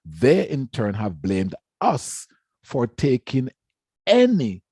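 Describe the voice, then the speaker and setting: A man's voice: medium pitch, sing-song, slow, warm tone, husky, no echo, studio quality. A man giving a formal lecture on education, speaking emphatically and repeating words to stress his points. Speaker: education researcher giving a talk.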